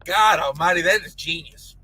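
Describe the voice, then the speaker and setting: A man's voice: sits high, normal speed, bright, forceful tone, rough recording. A man hosting a casual trucking live stream, reading chat messages aloud with crude jokes and frequent laughter. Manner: crude joking banter, laughs often.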